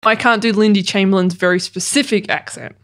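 A woman's voice: mid-range voice, fairly even intonation, brisk, soft background music. An Australian woman co-hosting a podcast, playful and blunt, laughing easily and swearing casually. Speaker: podcast co-host.

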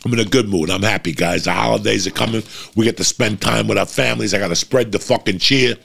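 A man's voice: on the low side, fast talker, creaky, fairly bright tone, slight background noise. A middle-aged man talking casually to his listeners in a blunt, profane, rambling monologue.

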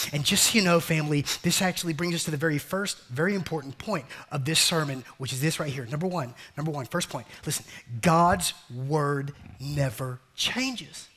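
Man, pastor, sermon, high voice, repeats lines for emphasis, calls listeners family. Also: fairly bright tone. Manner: repeats phrases, calls listeners family and beloved, acts out jokey quotes.

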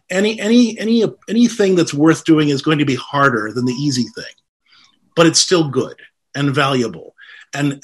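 A man's voice: fairly high pitch, a bit bright. A man giving a conversational talk on faith and ministry, earnest, with frequent restarts. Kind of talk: informal lecture with Q&A.

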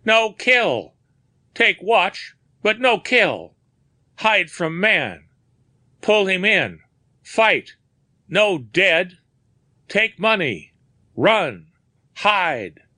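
Narrator puts on panicky foreign suspect, broken English, pitched way up, bright edge. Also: male voice, expressive, very slow, few pauses, no room sound, heavily acted. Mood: pleading, frantic. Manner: clipped broken phrases, pleading.

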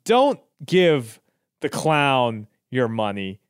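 A man's voice: medium pitch, sing-song, very slow, clean tone, no room sound. Dry-sounding man reading a jokey podcast plug. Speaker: podcast co-host. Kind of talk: comedy podcast outro and plug.

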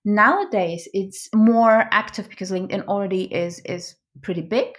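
A woman's voice: mid-range voice, normal speed. A woman guest on a podcast explaining ideas in a conversational way, thinking aloud with fillers, restarts and frequent "right?" checks. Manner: restarts and self-corrections. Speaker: podcast guest, product expert.

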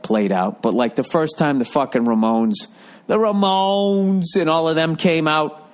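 An older man ranting in a rambling, profane, exasperated way, like a commentator. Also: a little high. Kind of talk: profane comedic rant.

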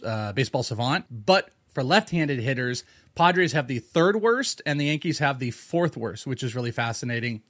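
A man's voice: medium pitch, no echo. Man reading out stats, dry sound. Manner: analytical, stat-heavy, small stumbles. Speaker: podcast co-host. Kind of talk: casual sports chat.

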